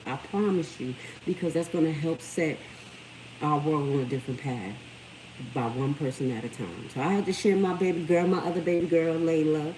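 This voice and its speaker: A middle-aged woman speaks, her voice sitting slightly low as she hosts a casual livestream. She tells stories with animated energy. A faint background noise sits under the recording. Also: normal speed, rough recording. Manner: animated storytelling, lively quoted voices. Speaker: livestream host.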